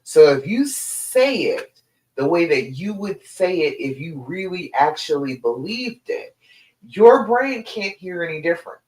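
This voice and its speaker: A woman's voice: on the low side, very animated, measured pace, a little mellow. A woman relationship coach giving a direct, emphatic live stream talk to her listeners. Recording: echoey room.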